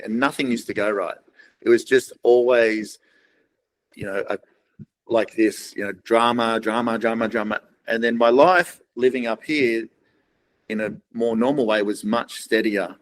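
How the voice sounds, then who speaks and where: A middle-aged Australian man, a podcast guest, tells rambling stories in a casual storytelling interview, acting out other people's lines in quoted voices. His mid-range voice has fairly even intonation and a moderate pace, and the recording is rough.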